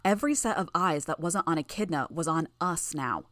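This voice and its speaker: A woman's voice: deep voice, expressive, brisk, fairly bright tone, no room sound. A woman narrating a story as a reader, lifting her voice for dialogue. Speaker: audiobook narrator. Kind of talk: scripted narration.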